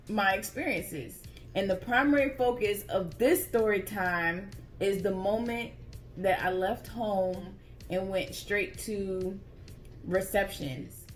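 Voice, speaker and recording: A woman vlogger casually telling her own story to viewers in a chatty, expressive way, calling them y'all. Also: mid-range voice.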